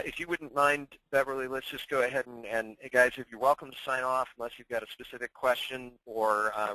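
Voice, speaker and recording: Hoarse male webinar host, bright edgy tone, dead-dry sound. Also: mid-range voice, no room sound, poor audio. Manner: filler-heavy, repetitive announcements. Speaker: webinar presenter and coach. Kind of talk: webinar sign-off.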